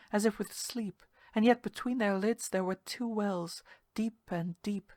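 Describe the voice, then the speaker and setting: A woman narrating a ghost story in a measured, hushed storytelling manner. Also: mid-range voice, no echo. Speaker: story reader.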